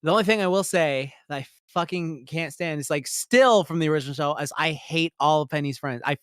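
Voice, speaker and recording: A man's voice: on the high side, fairly quick, a bit bright, smooth, no room sound, studio quality. A man co-hosting a podcast, giving a casual, rambling review full of fillers and swearing. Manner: rambling, profane, many fillers, bursts into heated outrage. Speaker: podcast co-host.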